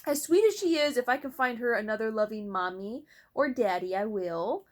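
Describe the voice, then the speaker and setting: Young woman vlogging from home, kinda high voice, chatty and open, talks to her cats. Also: lively intonation, normal speed. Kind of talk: casual chat to camera. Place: at home, indoors.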